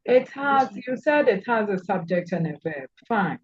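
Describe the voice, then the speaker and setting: A woman's voice: medium pitch, very animated, normal speed, breathy edge, no room sound, dull audio. A woman lecturer teaching an online class, calling on students and repeating key points to stress them.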